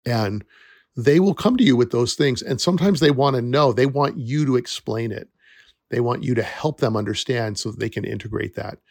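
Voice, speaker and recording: On his solo podcast, a middle-aged forest educator speaks at a normal speed in a mid-range voice, sounding earnest and reassuring with the occasional laugh. The sound is dry and studio-clean.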